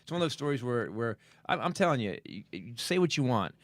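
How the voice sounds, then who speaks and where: Animated middle-aged male comedy podcast host. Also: mid-range voice, fast talker, no echo. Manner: animated, acts out other people's voices, swears casually. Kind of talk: comedic storytelling chat. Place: podcast studio.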